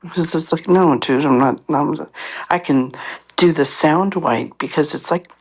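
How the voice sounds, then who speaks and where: A woman's voice: low-pitched, normal speed, breathy edge. A woman co-hosting a podcast, chatting casually and telling stories, acting out other people's voices as she goes. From Latin American heritage. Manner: animated storyteller who acts out other people's voices. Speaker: podcast co-host. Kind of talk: casual chat.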